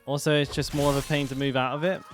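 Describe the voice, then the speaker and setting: Man, casual game streamer, chatty, swears, mid-pitched voice. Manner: chatty, swears, thanks chat viewers. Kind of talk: casual gameplay commentary.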